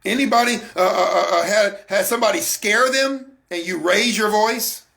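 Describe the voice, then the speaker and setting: Animated, gravelly man giving a faith talk. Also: high voice, normal speed. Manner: animated, preachy, addresses listeners directly. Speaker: host.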